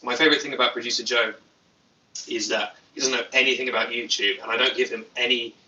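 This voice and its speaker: A man's voice: mid-range voice, steady tone, quick pace, sharp tone, echoey room, distant mic, highs cut off, slight background noise. Dry-witted British guy livestreaming. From Britain. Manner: dry, self-mocking, reads chat aloud. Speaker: YouTube host. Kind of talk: casual livestream chat. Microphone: phone.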